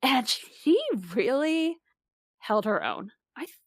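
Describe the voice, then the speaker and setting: A woman co-hosting a podcast, chatting casually about movies, bubbly and quick to laugh. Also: high-pitched, dry recording, studio quality. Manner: bubbly, laughs often, animated. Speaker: podcast co-host. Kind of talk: casual movie review chat.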